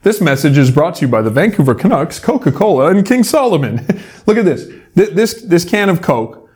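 A man's voice: fairly high pitch, big pitch swings, fairly quick, darkish tone. A man preaching a casual, conversational sermon with a playful touch, using a soda can as a prop. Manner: conversational, playful, uses props. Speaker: pastor.

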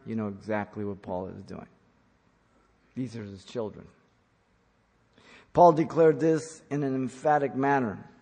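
A man's voice: medium pitch, darkish tone, in a large hall. A man preaching an earnest sermon, speaking as a pastor who repeats key points for emphasis.

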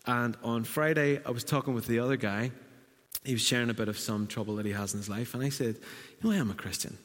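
A man's voice: medium pitch, steady tone, quick pace, fairly bright tone. Man preaching in a reverberant hall. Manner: conversational storytelling, self-deprecating asides. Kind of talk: sermon.

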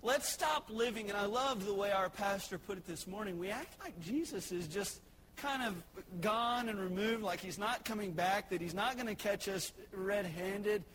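Fervent preacher with a high voice. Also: male voice, normal speed, low-quality recording. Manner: fervent, swings between loud exhortation and hushed earnestness. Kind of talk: sermon.

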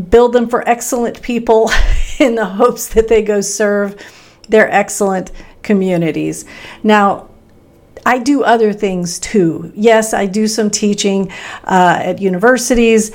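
Upbeat midwestern-sounding lady hosting her own podcast, medium pitch, chatty with punchy pauses. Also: darkish tone. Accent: Midwestern American. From Texas. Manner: upbeat, conversational, with emphatic pauses. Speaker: podcast host. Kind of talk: solo podcast monologue.

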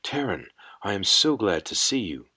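A man's voice: on the low side, sing-song, normal speed, bright, forceful tone, breathy edge, heavily acted. A man reading an audiobook, voicing a young woman who is anxious and caring toward her brother. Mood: worried. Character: young woman, tender worried sister.

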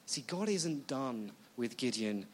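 An animated male preacher talks through a sermon and mixes earnest points with jokes. He turns to the audience often with questions. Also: mid-range voice, slow pace, husky.

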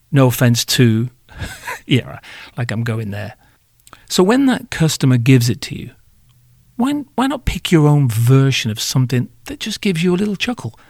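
A man's voice: medium pitch, creaky, darkish tone, dry recording, clean studio sound. A man hosting a podcast, delivering advice to hospitality workers in a joking, sardonic, irreverent monologue.

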